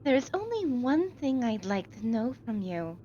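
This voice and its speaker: A woman's voice: on the high side, big pitch swings, normal speed, dark tone. A woman voicing a stern young assistant who speaks earnestly and accusingly, on a dull lo-fi mic with hiss.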